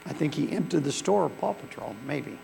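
A man's voice: a little high, animated, a little fast, vocal fry, mellow. A male pastor, preaching a sermon in a church with folksy storytelling that swells into fervent preaching. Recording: long hall reverb with faint mains hum.

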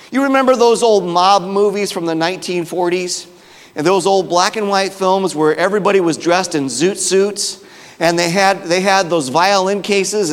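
Brief: a conversational male preacher with a somewhat high voice who drops low to make a point, with long hall echo. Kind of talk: sermon.

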